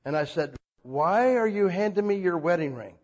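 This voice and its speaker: A man preaching a sermon as a pastor, telling stories with lively acted-out quotes. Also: moderate pace, muffled recording. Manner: animated storytelling, acts out quotes with big pitch jumps.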